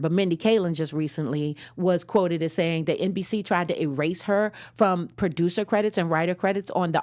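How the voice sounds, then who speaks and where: A young adult woman hosting a casual episode recap, slangy and digressive, laughing at her own jokes. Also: lowish voice. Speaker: show host.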